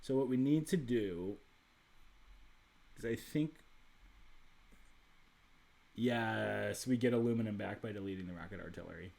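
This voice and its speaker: A man's voice: lowish voice, unhurried, vocal fry, pauses often, darkish tone. A man giving casual let's-play commentary while playing a strategy game, thinking aloud with frequent restarts and asides.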